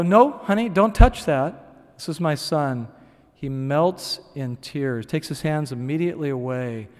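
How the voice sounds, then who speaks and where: Middle-aged male pastor, fairly high voice, chatty sermon delivery, long hall reverb. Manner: conversational preaching with asides and dramatized quotes.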